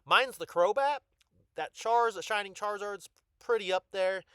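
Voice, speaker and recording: Brief: excitable male collector-vlogger, voice on the high side, rambling with lots of ums, dry close recording. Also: normal speed, clear, resonant tone, dry recording. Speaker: card collector YouTuber. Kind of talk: casual collection showcase.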